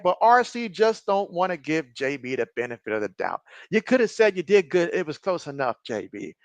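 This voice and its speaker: A man streaming a game, giving casual play-by-play, reading viewer chat and joking often, getting excitable on big plays. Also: on the high side, normal speed, no echo. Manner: jokey, excitable, often laughs. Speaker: live-stream sports commentator.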